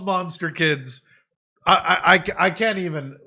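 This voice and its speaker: A man who is a psychologist, chatting excitably and casually while he plays a video game. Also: a little high, measured pace. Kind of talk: casual let's-play commentary.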